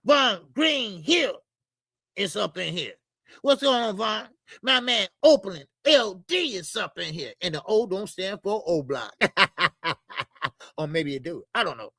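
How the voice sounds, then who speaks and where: A man's voice: sits high, animated, measured pace, creaky, bright, forceful tone, dry recording, studio quality. A man hosting a boxing live stream in loose, chatty, profane talk, greeting his viewers by name. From Chicago. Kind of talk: casual live-stream chat.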